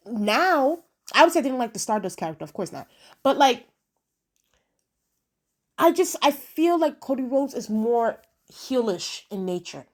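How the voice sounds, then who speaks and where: Animated woman ranting casually. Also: high voice. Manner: animated, emphatic, repeats words for emphasis; conversational, addresses viewers directly. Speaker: wrestling commentary vlogger. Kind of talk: casual opinion rant to camera.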